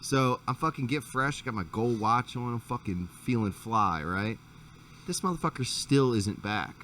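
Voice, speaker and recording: A man's voice: mid-range voice, lively intonation, moderate pace, bright, forceful tone, distant mic, a little hiss or hum. A man hosting a podcast and telling a long, profane story in casual chat, with frequent restarts. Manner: profane, rambling anecdote with restarts. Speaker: podcast host.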